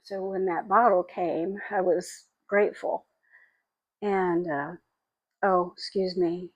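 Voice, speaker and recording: A woman in her sixties telling personal memories in a halting, reflective, tearful way. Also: lowish voice, steady tone, no echo, lo-fi sound. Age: 60s. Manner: halting and reflective, with frequent pauses and fillers; tearful and emotional. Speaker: spiritual vlogger. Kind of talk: personal memoir monologue.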